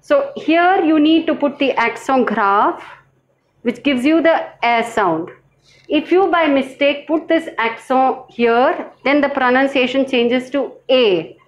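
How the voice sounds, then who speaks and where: Woman, language teacher, fairly high voice, very slow, careful, repeats words. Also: low-quality recording. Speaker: French teacher. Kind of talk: slow classroom lesson.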